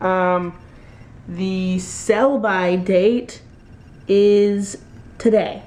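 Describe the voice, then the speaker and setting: A woman's voice: mid-range voice, fairly even intonation, extremely slow, darkish tone. A woman vlogging casually from her home kitchen, rambling and self-deprecating with plenty of fillers. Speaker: daily vlogger. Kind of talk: casual vlog chat. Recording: echoey room with faint noise.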